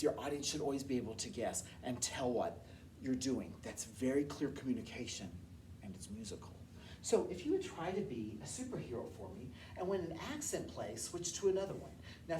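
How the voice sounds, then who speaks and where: Deep-voiced lady teaching music, bouncy up and down, mic a bit far off, faint hiss. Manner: lively, enthusiastic explaining. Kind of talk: teaching a workshop.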